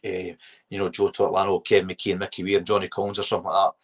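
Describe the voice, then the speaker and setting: A middle-aged Scottish man, a former footballer, telling lively anecdotes as a podcast guest, giggling and putting on voices. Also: low-pitched, rapid-fire. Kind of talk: casual storytelling interview.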